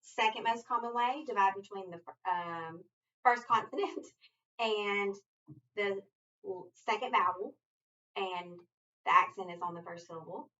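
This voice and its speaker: A woman tutoring reading, walking a student through phonics coding rules at a slow, deliberate pace. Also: mid-range voice, fairly bright tone, recorded from a distance. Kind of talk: structured phonics lesson. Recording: muffled audio from away from the mic.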